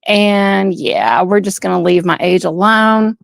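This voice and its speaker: Texan lady calling in, stuffy and congested, talks in long earnest runs, mid pitch. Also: unhurried, creaky, no echo, poor audio. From Houston, Texas. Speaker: caller. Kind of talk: casual call-in chat.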